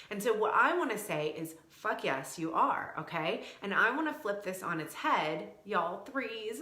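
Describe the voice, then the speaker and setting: A woman's voice: lowish voice, a bit bright. Effusive woman coach, roomy sound. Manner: emphatic, effusive, talks straight to viewers. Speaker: coach for sensitive women. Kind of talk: livestream motivational talk.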